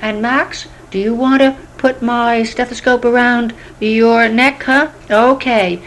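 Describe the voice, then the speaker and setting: A kindly grandfatherly doctor, played by a woman telling the story, speaking in a calm, measured, professional voice. He sounds soft and close to the teller's own voice, easing children along. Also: on the high side, voice pushed up, rough recording.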